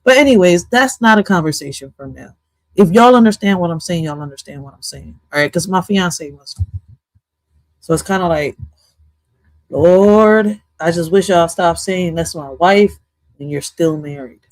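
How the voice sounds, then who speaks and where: A woman streaming casual reaction commentary on an interview clip, loud, profane and playful, dropping in Spanish phrases. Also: on the low side, normal speed, no room sound.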